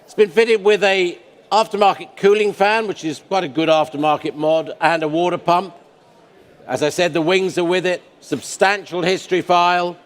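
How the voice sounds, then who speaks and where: A man presenting cars at an auction, describing each lot in a relaxed, chatty way and joking with the auctioneer. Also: sits high, normal speed. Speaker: car specialist presenting lots. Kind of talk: live auction lot commentary. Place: large exhibition hall auction room. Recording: long hall reverb.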